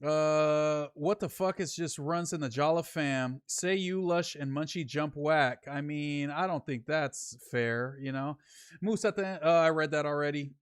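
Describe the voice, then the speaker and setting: A young man from Northern California hosts a relaxed livestream and reads viewer messages out loud, answering each one in easy slang. His voice sits a bit high for a man. The sound is dry and close, with no room around it. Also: a little slow, clear, resonant tone, no echo. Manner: loose, slangy, reads super chats aloud and answers them. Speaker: streamer reading chat. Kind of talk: casual livestream chat.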